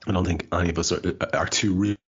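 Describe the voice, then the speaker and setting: A very low, husky Irish man in an easygoing podcast conversation. He talks haltingly, starting over as he goes. The audio is dull and lo-fi. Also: steady tone. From Ireland. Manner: halting, restarts often. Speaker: podcast host. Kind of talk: casual chat.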